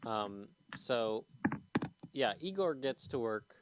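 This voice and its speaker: A man running a tabletop game as game master, speaking in a relaxed, rambling way. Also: medium pitch, takes it slowly, clear, resonant tone, no room sound. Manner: relaxed, rambling, laughs easily.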